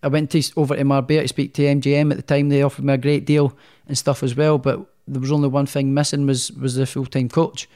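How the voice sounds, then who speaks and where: A man's voice: medium pitch, level tone, quick pace, hardly any pauses, warm tone. A Scottish man being interviewed as a guest, telling his story in a rambling, casual way full of restarts. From Scotland. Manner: rambling, many restarts and fillers, self-deprecating. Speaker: guest, professional boxer.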